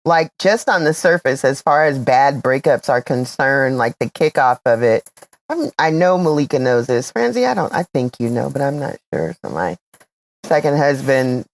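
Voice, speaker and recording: A woman co-hosting a casual chat, telling a personal story in a measured, reflective way. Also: extremely low pitch, sing-song. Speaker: podcast co-host.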